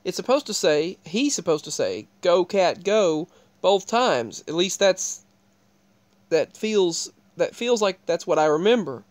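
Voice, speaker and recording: A man's voice: high-pitched, very animated, a little slow, dry recording. A man talking casually to his viewers, rambling with frequent restarts and pointing them to what is on the screen. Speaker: video creator. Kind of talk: casual talk to camera.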